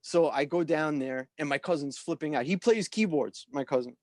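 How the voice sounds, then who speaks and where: A man in his forties telling a long, animated story in casual chat, rambling with lots of "like" and "you know" and swearing freely. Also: fairly high pitch, normal speed, no echo, clean studio sound. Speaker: guest musician.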